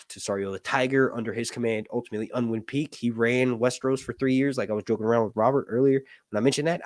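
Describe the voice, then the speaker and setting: A man's voice: medium pitch, no room sound, studio quality. A man hosting a casual livestream chat, rambling with lots of fillers and jokes. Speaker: host.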